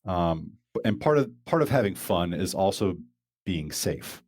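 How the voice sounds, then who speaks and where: A man's voice: low-pitched, expressive, unhurried, darkish tone, dry recording, clean studio sound. A man hosting a casual podcast chat, talking loosely with lots of fillers and restarts. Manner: rambling, many fillers and restarts. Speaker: podcast host.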